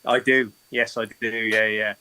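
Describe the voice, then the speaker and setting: A man's voice: lowish voice, little pitch movement, measured pace, sharp tone, clean tone. A man chatting as a livestream guest, easygoing and agreeable, filling in with lots of "yeah". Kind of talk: casual chat.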